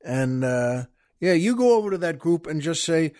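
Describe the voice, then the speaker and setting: An older man hosts his own show in a loose, wandering monologue, stopping for fillers and soft laughs. His voice sits a little high for a man, and his manner is chatty and folksy. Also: big pitch swings, moderate pace. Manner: folksy, chuckling, meandering with many fillers and restarts. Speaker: podcast host. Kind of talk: casual rambling monologue.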